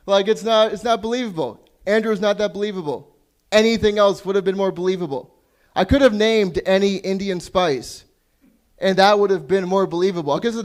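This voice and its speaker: A young man from Canada does stand-up at an open mic in a small club, with a high voice. His delivery is crude and self-deprecating, and he stumbles over and restarts his own jokes. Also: fairly quick. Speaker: stand-up comedian. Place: small comedy club stage.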